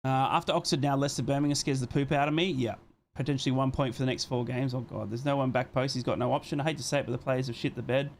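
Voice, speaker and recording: A young man streaming a live football watchalong, calling the match play by play and reading out chat messages, excitable and swearing freely. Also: medium pitch, quick pace.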